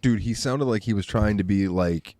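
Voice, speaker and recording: A man's voice: on the low side, moderate pace, no echo. A man with a Southern American accent, co-hosting a casual podcast chat and acting out scenes as he talks. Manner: animated, acts out scenes in funny voices. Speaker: podcast co-host.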